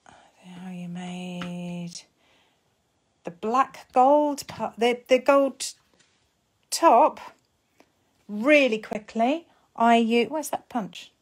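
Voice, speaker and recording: A woman's voice: a little high, very slow, pauses often. Chatty English woman demonstrating crafts. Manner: chatty, talks to herself while working, drops to soft murmurs. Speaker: papercraft host. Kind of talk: casual live-stream crafting chat.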